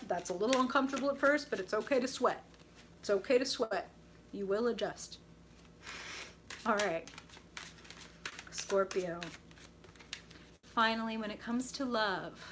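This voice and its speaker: A woman's voice: a little high, noisy background. A young woman hosting a live tarot reading stream, gushing and enthusiastic as she reacts to viewers. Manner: bubbly, gushing, reacts to chat with excited squeals.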